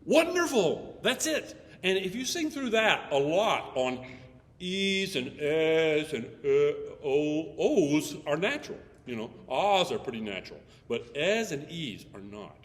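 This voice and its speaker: A man's voice: fairly high pitch, big pitch swings, takes it slowly. A man directing a choir rehearsal, counting in, singing example phrases and cracking jokes. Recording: echoey hall with long reverb.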